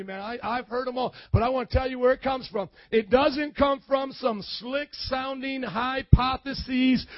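Male pastor, lively sermon, high voice, dry dull sound. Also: no echo. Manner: preachy, dynamic, calls out to the congregation and swings from loud to hushed. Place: church.

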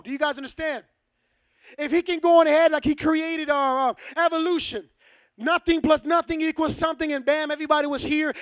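A man preaching a sermon to his church, casual and lively, acting out short dialogues. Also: extremely high pitch, no room sound. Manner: casual, acts out little dialogues. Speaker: pastor.

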